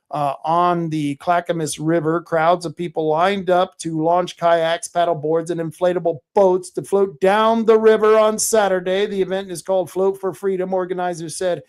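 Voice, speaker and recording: An Oregon man hosts a live-streamed podcast, ranting angrily and swearing while he reads chat comments aloud. When he gets worked up, his voice climbs loud and high.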